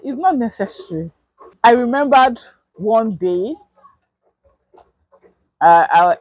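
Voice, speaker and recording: Young Nigerian woman vlogger, husky voice, close and dry, lively storyteller. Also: medium pitch, dry recording, rough recording. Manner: animated, acts out quotes in raised voice. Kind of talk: casual storytime.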